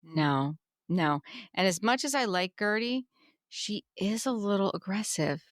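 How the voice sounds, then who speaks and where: A woman's voice: mid-range voice, expressive, measured pace, no echo, studio quality. A woman co-hosting a casual podcast, recapping scenes in a chatty way with emphatic reactions. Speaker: podcast co-host recapping a reality show. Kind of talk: casual chat.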